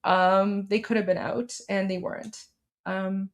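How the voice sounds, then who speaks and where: A woman's voice: medium pitch, steady tone, moderate pace. A woman co-hosting a live stream, chatting casually and bluntly as she reads out viewer messages, with plenty of "like" and "um".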